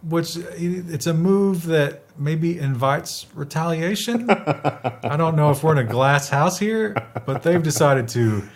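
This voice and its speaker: A man co-hosting a tech news show, chatting in a wry way with quick asides. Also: on the high side, lively intonation. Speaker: show co-host. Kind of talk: casual tech news chat.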